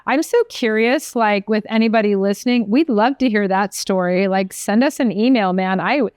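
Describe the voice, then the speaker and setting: Woman chef, podcast co-host, chatty rambling storyteller, smooth crisp voice, dry close mic. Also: medium pitch, normal speed, no echo. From from an Italian American family. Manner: chatty, animated storyteller, trails off mid-sentence. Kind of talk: casual chat.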